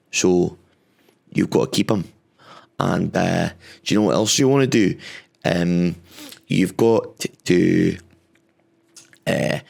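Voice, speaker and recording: A man's voice: deep voice, vocal fry, heavily acted. A man putting on a blunt, sweary Glaswegian man, lecturing about the climate.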